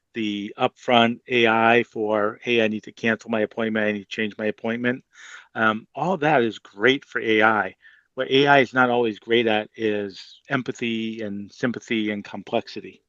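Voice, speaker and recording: A man with a Boston accent, speaking on a webinar panel with an emphatic, lively manner. His voice sits mid-range. He sounds dull and dry, as on a lo-fi video call. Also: mid-range voice, no echo. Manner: animated, emphatic, conversational.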